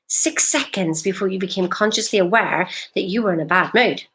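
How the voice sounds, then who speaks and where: A woman's voice: mid-range voice, a little fast, fairly bright tone. A woman, a life coach talking directly to a live-stream audience in an emphatic, questioning way.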